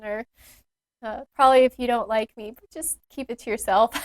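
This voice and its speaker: A woman's voice: a little high, slow, pauses often, no room sound. A woman hosting her own podcast as a yoga teacher, talking in an earnest, intimate and rambling way with many fillers. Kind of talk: reflective solo podcast talk.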